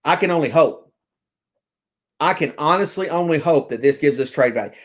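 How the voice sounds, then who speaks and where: A man ranting casually to his viewers as a sports fan vlogger, excitable and rambling, stammering over restarts and swearing freely. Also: fairly high pitch, normal speed. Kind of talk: casual fan rant to camera.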